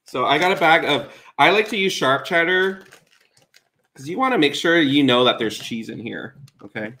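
A man co-hosting a live cooking stream from a home kitchen, chatting in a lively, exclamation-filled way. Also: a little high, a little hiss or hum. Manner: chatty and animated, quick exclamations. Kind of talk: casual live-stream chat while cooking.

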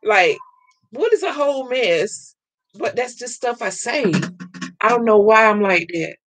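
A woman hosting a live crafting stream from home, loud and excitable, chatting with viewers and laughing often. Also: a little high, a little slow, no room sound. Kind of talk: casual live-stream chat, reading viewer comments.

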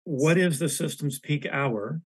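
A man with a scratchy, hoarse voice asking halting questions at a public meeting, full of fillers and restarts. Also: a little high, no room sound. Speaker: board member asking questions.

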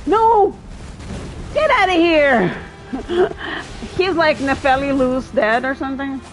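A woman streamer commenting live on her gameplay, excitable, often yelping and laughing. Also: high-pitched, slow pace, soft background music. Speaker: streamer playing a video game.

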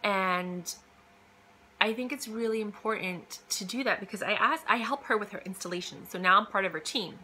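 A woman's voice: medium pitch, moderate pace, sharp tone, a little hiss or hum. A woman talking casually and emphatically, giving career advice with lots of fillers and quoted asides. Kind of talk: casual motivational monologue.

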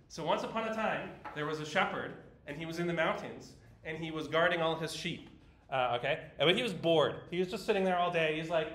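In a large lecture hall with echoey sound, a man with a slightly high, somewhat bright voice teaches a university class. He explains things in a chatty way, using fillers and restarts.

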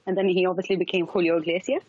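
A woman's voice: lowish voice, level tone, very fast, narrow, tinny audio. A woman, a football expert guest on a radio phone-in, eagerly offering suggestions in casual chat.

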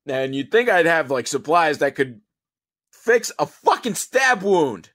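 A lazy, helpless male army medic, as a man acts him out. He whines in exasperation, with a lively, slightly raised voice that swings up and down. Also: fairly high pitch, a little slow, heavily acted. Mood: exasperated.

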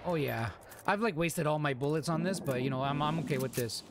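A man giving excitable gameplay commentary into a desk microphone, swearing and shouting exclamations at enemies. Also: fairly high pitch, brisk, very noisy. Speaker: gameplay video host. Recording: loud gunfire from game audio. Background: game sounds, gunshots and clicks.

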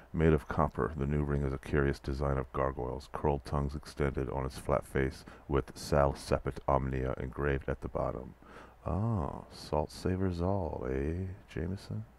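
A man with an extremely low, deep voice reads the passages of a text adventure aloud in an even way. Between passages he drops into dry, wry comments about what is going on. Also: vocal fry, a little hiss or hum. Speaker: let's play player reading text aloud. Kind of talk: reading interactive fiction aloud with asides.

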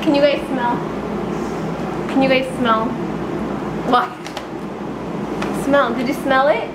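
A young woman vlogger talks casually into her handheld camera, first at home and later in a car, bubbly, giggly and quick to gush. Her voice sits a little high, and a steady hum of household and traffic noise runs behind her.

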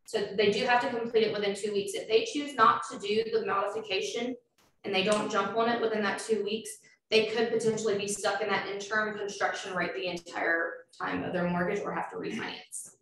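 A woman's voice: mid-range voice, fairly even intonation, fairly quick, fairly bright tone. Woman, loan officer presenting, casual and explanatory; distant, roomy recording. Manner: explanatory, filler-heavy. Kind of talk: informal presentation. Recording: echoey room, far from mic, faint noise.

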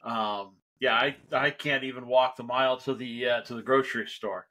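Bright-voiced rambling man host. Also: mid-range voice, fairly even intonation, normal speed. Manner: rambling, hesitant with many fillers. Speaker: podcast host. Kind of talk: casual interview chat. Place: home studio.

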